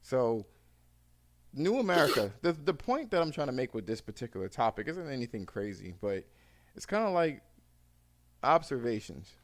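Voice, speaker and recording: A man's voice: mid-range voice, big pitch swings, normal speed, slight background noise. A man hosting a casual podcast, talking loosely with friends and slipping into joking banter. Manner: laughing, swearing banter. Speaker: podcast host.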